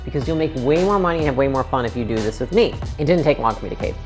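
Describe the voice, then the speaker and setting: A woman's voice: a bass voice, expressive, very fast, faint music behind. A woman in her twenties telling her own story in a casual, conversational way, full of "like" fillers and acted-out quotes. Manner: conversational, frequent "like" fillers, acts out quoted lines.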